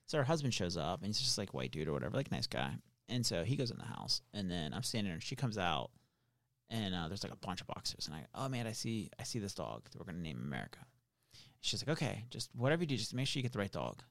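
Fast, gravelly man telling a story. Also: deep voice, no echo, clean studio sound. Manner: animated, quick storytelling with swearing. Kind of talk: casual storytelling chat.

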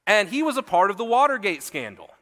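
A man's voice: high-pitched, sing-song, fast talker, sharp tone, long reverb tail. A man preaching a sermon as pastor, reading scripture aloud and explaining it in an earnest manner with occasional fillers. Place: church hall.

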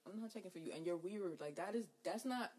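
Fast-talking husky woman telling stories. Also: mid-range voice. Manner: fast, animated storytelling with quoted dialogue. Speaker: hairstylist and podcast host. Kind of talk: casual podcast chat.

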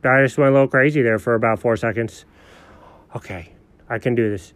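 A man voicing a goofy, gullible male house dog who talks slowly to himself. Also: mid-range voice, no echo, pitched below the performer's own voice, close to an everyday voice. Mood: dopey. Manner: slow, dopey and self-talking.

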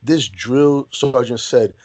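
A man telling crude, animated service stories in casual chat, peppering them with bro and man. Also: mid-range voice, slow. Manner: profane, animated storyteller, says bro and man a lot.

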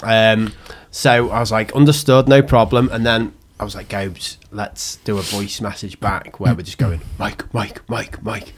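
A man's voice: on the low side, fairly even intonation, measured pace, a crowd in the background. A man chatting casually on a podcast, telling a rambling story and dropping his voice for quotes. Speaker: podcast co-host.

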